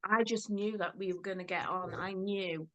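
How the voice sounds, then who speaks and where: A woman's voice: mid-range voice, moderate pace, highs cut off, slight background noise. Chatty older Liverpool woman. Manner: chatty, storytelling, lively. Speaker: guest. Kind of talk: casual chat.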